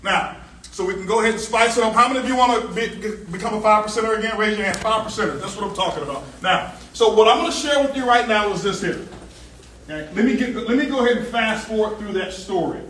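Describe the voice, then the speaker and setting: A man giving a lively motivational seminar talk, telling stories and joking with a live audience. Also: high-pitched, quick pace, a little hiss or hum. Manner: animated storyteller, jokes with the crowd, asks for hands. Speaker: motivational speaker on stage. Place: large event hall. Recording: echoey hall, distant mic.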